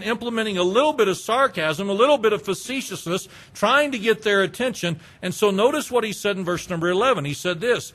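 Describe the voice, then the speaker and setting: A male preacher delivering an expository sermon, slow and emphatic, stacking repeated phrases. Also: high voice, a bit bright.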